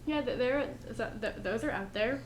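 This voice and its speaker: A woman's voice: a little high, normal speed. A young woman hosting a casual book chat with her mother, talking chattily with hesitant restarts. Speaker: host. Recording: echoey room with faint hiss.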